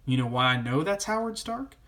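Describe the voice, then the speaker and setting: A man's voice: on the high side, sing-song, a little fast, bright, forceful tone. Rambling, opinionated male comic reviewer. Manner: rambling, opinionated, full of fillers. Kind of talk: casual review vlog.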